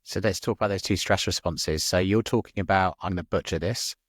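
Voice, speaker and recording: A man with a very low voice, hosting a conversational podcast. He talks in a thoughtful, halting way and makes fun of himself a little. The recording is close and dry. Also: dry recording. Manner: reflective, hesitant, self-deprecating. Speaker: podcast host.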